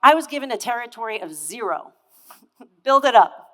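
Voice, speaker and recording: A woman in her thirties delivers a motivational keynote from a conference hall stage, energetically telling a story and putting questions directly to the audience. Her voice is on the high side and sharp, with lively intonation at normal speed, and the hall is echoey with long reverb.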